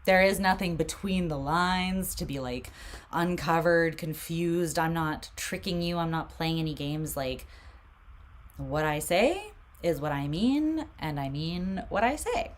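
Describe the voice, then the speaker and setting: A woman with a low, soft voice gives a casual tarot reading. She talks in a meandering, reflective way. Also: expressive, unhurried. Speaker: tarot reader.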